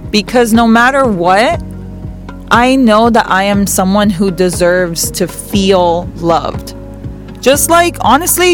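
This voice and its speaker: Woman host for a spiritual reading show: slow and gentle, earnest, leans on repeated words, with faint music behind. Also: medium pitch. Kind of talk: reflective spiritual advice talk.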